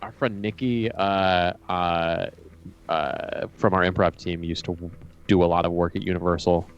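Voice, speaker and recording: A man's voice: low voice, steady tone, normal speed, clear, resonant tone, highs cut off. A man co-hosting a call-in talk show, talking casually and hesitantly with many fillers. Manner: hesitant, lots of "uh" and "like". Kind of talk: casual chat over a video call.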